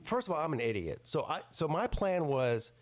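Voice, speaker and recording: A man's voice: fairly high pitch, big pitch swings, normal speed. A man hosting a casual livestream chat, tired from staying up all night, telling rambling self-mocking stories. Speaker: livestream host.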